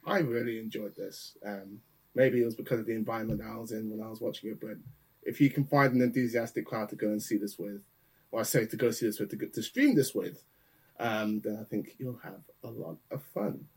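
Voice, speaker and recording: A man's voice: lowish voice, brisk, vocal fry, a little mellow, husky. A man co-hosting a casual film review chat, earnest and full of "you know" asides. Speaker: podcast co-host.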